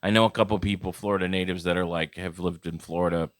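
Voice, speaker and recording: Low-voiced man in loose podcast chat. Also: steady tone, fast, no echo, clean studio sound. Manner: rambling, loose, full of restarts and fillers. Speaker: podcast co-host. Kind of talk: casual chat.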